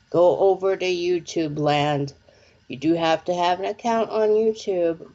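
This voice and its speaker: A woman psychic reader talks to her live-stream viewers in a loose, chatty way, full of fillers and little check-ins. She speaks slowly, and the audio has a dull, muffled lo-fi quality. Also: low voice, a little mellow. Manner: chatty, lots of fillers like "okay?" and "like". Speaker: psychic reader and show presenter.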